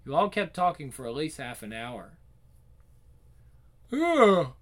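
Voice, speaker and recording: A man reading a visual novel game aloud, narrating and adding quick lively asides. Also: mid-range voice.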